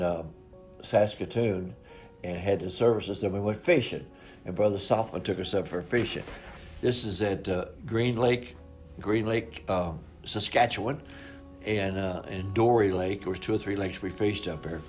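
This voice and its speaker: A man's voice: fairly low pitch, moderate pace, darkish tone, soft background music. A man in his eighties recounting old family photos in a folksy, rambling way, with colloquial grammar. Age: 80s. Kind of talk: informal storytelling.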